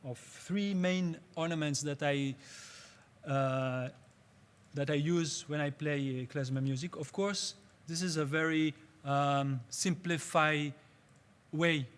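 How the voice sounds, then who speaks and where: Male workshop teacher, slightly raised pitch, patient and halting, searching for English words. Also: steady tone, clean tone. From Israel. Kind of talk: spoken workshop lecture.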